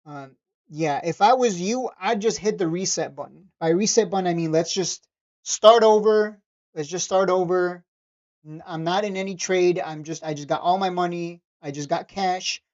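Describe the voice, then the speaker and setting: A man with a darkish, mellow tone chats loosely through a trading livestream. He is blunt and swears freely, laughing and stumbling over repeated words as he reads chat. The sound is dull and lo-fi. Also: sits high. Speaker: stock trading streamer. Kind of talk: casual livestream commentary reading chat.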